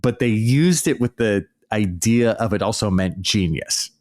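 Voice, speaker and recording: A man's voice: lowish voice, lively intonation, unhurried. A man hosting a podcast, ranting in a sarcastic, mocking, exasperated way. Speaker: podcast host. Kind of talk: casual podcast rant.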